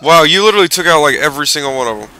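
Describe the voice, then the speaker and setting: Man gaming, bright tense voice, mid pitch, faint noise behind, laid-back teasing. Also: expressive, racing, low-quality recording. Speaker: gamer recording the session. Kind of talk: casual co-op gaming chat.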